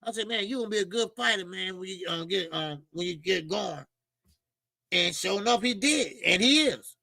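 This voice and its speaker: Male host with a high, raspy voice, emphatic slangy boxing rant, dry room. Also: lively intonation, moderate pace, sharp tone, dry recording. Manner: emphatic, repetitive, slangy, calls listeners "baby". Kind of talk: animated boxing commentary rant.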